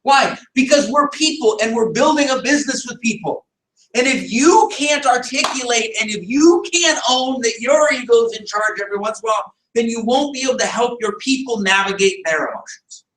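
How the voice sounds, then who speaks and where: A man with a very high, bright and forceful voice leads a team meeting in an echoey room, heard from some distance away. He pushes his points hard, asks rhetorical questions and answers them himself, and now and then raises his voice. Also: moderate pace. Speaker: business team leader. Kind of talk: motivational team meeting talk.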